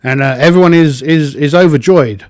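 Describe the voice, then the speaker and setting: A man's voice: a little high, moderate pace, darkish tone, dry recording. A man narrating his solo tabletop game, thinking aloud with plenty of ums.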